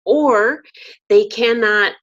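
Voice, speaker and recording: A woman's voice: a little high, very slow, fairly bright tone, lo-fi sound. A woman hosting a talk show, speaking earnestly and often affirming her guest. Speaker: host.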